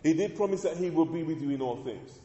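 Male pastor, mellow and fairly high, preaching in a big echoey church; builds to emphatic lines. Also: animated, fast, lo-fi sound. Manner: preaching with rising emphasis, calls for amens. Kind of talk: sermon.

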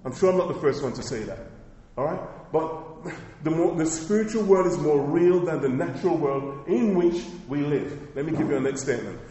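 A male pastor preaches with emphatic repetition and keeps asking the congregation questions. His voice sits a little higher than most men's. It rings through a large hall with long, lingering reverb. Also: moderate pace, warm tone, lo-fi sound, a little hiss or hum. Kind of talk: sermon.

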